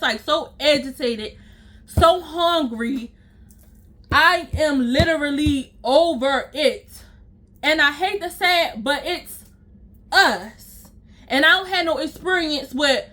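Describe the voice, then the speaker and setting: This young woman's high, bright voice has a pushed quality. As a storytime vlogger, she rants casually straight to her audience, blunt, swearing, and plainly exasperated.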